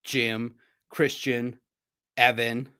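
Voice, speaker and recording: A man hosting a sports podcast, telling stories in a chatty, animated way. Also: mid-range voice, extremely slow, smooth. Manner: animated, chatty storytelling with laughs. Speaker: podcast host. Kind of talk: casual sports recap.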